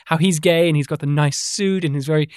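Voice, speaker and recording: A podcast co-host chatting casually about films, animated and jokey, with a habit of slipping into mock impressions. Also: mid-range voice, a little fast, smooth, no echo, clean studio sound. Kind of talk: casual chat.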